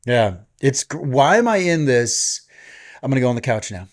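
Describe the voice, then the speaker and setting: A man's voice: mid-range voice, very animated, moderate pace. A middle-aged man co-hosting a podcast in casual chat, joking and swearing in bro banter. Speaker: podcast co-host.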